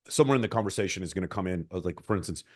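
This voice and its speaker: A man's voice: low voice, animated, fast talker, slightly rough. A man, a dating coach on a panel, talking casually with many fillers and restarts. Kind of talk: panel discussion.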